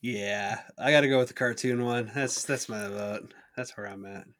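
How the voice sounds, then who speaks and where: A man's voice: mid-range voice, moderate pace, a bit bright. A man co-hosting a podcast in casual chat, easygoing and joking. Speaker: podcast co-host.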